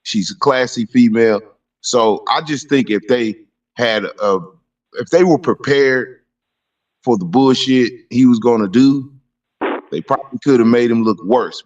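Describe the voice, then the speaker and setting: A man calling into a talk show, giving his opinions in a steady, profane way. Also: on the low side. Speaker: caller. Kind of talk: call-in opinion. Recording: muffled distant phone line.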